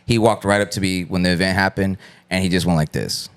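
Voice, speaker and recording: A man with a fairly low voice tells his stories in a relaxed, loose way. He swears freely and acts out other people's lines as he goes, like a guest on a casual talk show. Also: quick pace, smooth. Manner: loose, profane storytelling with acted-out quotes. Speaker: guest artist. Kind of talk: casual storytelling interview.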